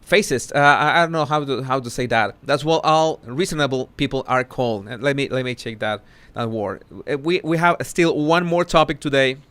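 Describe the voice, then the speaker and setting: A man hosting a casual live commentary, talking haltingly with many restarts and self-corrections. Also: mid-range voice, fairly bright tone, smooth. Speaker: social commentary host.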